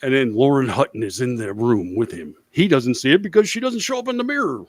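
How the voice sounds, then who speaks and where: A man co-hosting a casual podcast chat, swearing freely and acting out quotes in a loud, higher voice. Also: sing-song, fairly quick, no echo. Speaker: podcast co-host.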